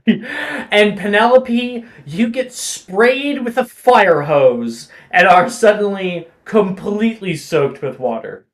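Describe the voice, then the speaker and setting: A game master running a tabletop role-playing game, unhurried and playful, reacting with delight to the players. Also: medium pitch, animated.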